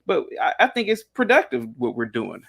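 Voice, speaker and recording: A man's voice: high-pitched, wildly swooping pitch, moderate pace, vocal fry, a bit bright, slightly rough. A man speaking as a guest on a discussion panel, talking emphatically and rambling, with frequent restarts and repeated words. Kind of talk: casual opinionated discussion.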